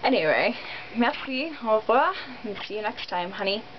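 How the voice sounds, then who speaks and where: A woman's voice: fairly high pitch, expressive, normal speed. A young American woman vlogging in a rambling, giggly way, full of ums and likes. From United States. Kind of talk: casual chat to camera. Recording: dull lo-fi sound with faint noise.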